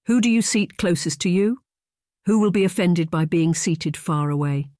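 A gentle young governess in an audiobook, as the narrator puts her on, measured and soft-spoken. She picks every word carefully, and the recording is close and dry. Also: on the low side, no echo, voice pushed up, close to an everyday voice. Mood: instructive. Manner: measured, soft-spoken, choosing words with care. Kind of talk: audiobook reading.

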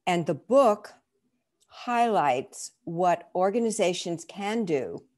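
A woman who is an author and management consultant, introducing herself in a measured, earnest way over a video call. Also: lowish voice, mellow. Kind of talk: self-introduction.

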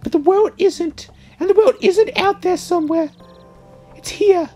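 A man voicing a stern young female cat police officer in a falsetto, warning tone. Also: unhurried, darkish tone, soft background music.

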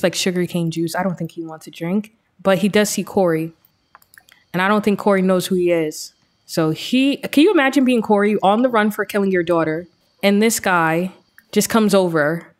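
A woman hosting a let's-play, giving chatty, excitable commentary as she tells her game's story. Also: mid-range voice. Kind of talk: casual gameplay commentary.

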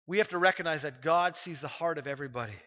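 A man's voice: fairly high pitch, sharp tone. A middle-aged male pastor preaching a sermon, telling stories and pressing his points with emphatic repetition. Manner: storytelling, emphatic, repeats phrases when pressing a point. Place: church sanctuary. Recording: dull recording with long hall reverb.

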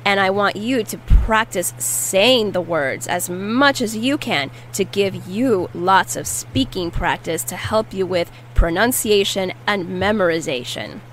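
A woman teaching a language lesson, repeating each word slowly and carefully. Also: medium pitch, animated, slight background noise, low-quality recording. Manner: slow, careful repetition of words. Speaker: Spanish teacher.

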